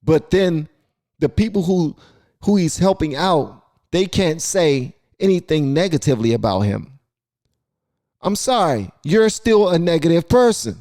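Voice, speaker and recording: A man's voice: a little high, measured pace. A man hosting a reaction video, talking casually and in disbelief about a clip. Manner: incredulous, animated.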